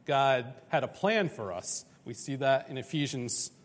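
Animated preacher in a reverberant hall. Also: male voice, mid-range voice, unhurried. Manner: animated, conversational, acts out dialogue. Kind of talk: sermon.

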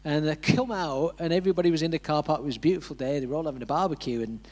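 A man preaching from the pulpit, slipping into a relaxed storytelling manner. His voice sits a little higher than most men's, and he acts out the voices he quotes with small chuckles. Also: rapid-fire. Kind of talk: sermon with personal story.

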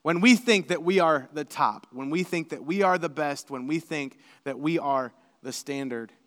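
A male pastor preaching a sermon, animated and building to emphatic, shouted lists. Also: a little high, moderate pace, long reverb tail.

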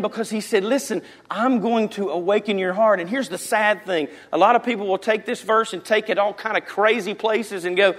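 A man preaching a sermon in a church, impassioned, swinging from loud emphasis down to hushed lines. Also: high voice, brisk, few pauses. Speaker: pastor. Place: church sanctuary.

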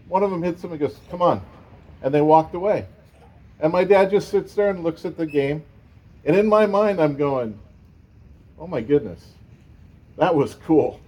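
Mellow-voiced pastor telling a story. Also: male voice, fairly high pitch, low-quality recording. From San Francisco Bay Area. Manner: conversational storytelling with fillers. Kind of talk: sermon with personal story.

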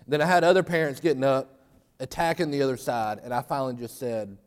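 Pastor, mid-pitched, folksy sermon storyteller who climbs to fervent emphasis, long hall reverb. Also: male voice, steady tone, fast.

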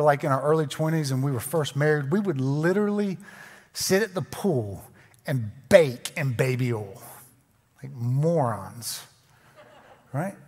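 Joking pastor in a big hall. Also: male voice, a little high, fairly bright tone. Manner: conversational, joking, self-deprecating. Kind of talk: sermon. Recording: long hall reverb.

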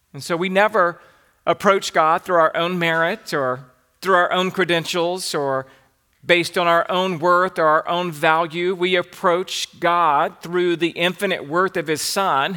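A man's voice: on the high side, pushed and bright. A man with a Southern American accent preaching an expository sermon, teaching from an outline and reading scripture aloud. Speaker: pastor.

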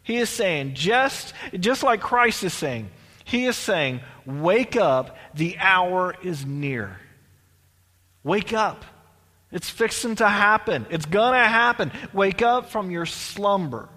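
A man's voice: sits high, animated, slow pace, sharp tone, in a large hall. A male pastor preaching a sermon in a church, in a conversational way with restarts and asides.

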